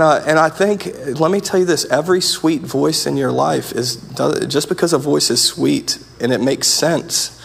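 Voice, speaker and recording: A man's voice: mid-range voice, moderate pace, gravelly, husky. A man preaching a sermon as pastor, earnest and conversational, often restarting his sentences.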